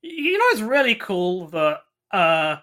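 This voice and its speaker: A woman co-hosting a casual chat, quick and sarcastic, with frequent laughs and restarts. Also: mid-range voice, very animated, a bit bright. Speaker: podcast co-host.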